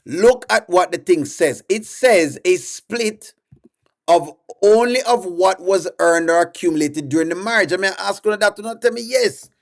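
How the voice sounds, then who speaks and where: A man's voice: high-pitched, normal speed, hardly any pauses. A man with a Jamaican accent hosting a casual livestream, coaxing viewers and repeating himself as he reads their comments aloud.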